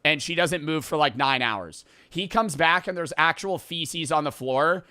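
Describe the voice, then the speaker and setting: Man, casual rambling movie recap, profane storyteller; forceful, crisp, fairly high voice. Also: lively intonation, a little slow, dry recording. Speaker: podcast host.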